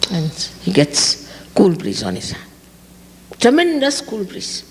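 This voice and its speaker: A woman's voice: mid-range voice, wildly swooping pitch, takes it slowly, long pauses, in a large hall, slight background noise. Emphatic woman giving a spiritual talk. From India. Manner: emphatic, repeats key words. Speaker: spiritual teacher. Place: outdoor park gathering.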